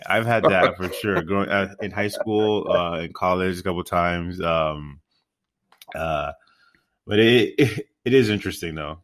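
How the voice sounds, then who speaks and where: Podcast co-host, very low voice, expressive, easy laugh, dry room. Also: male voice, a little slow, no room sound. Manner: laid-back, laughs easily. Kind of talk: casual chat.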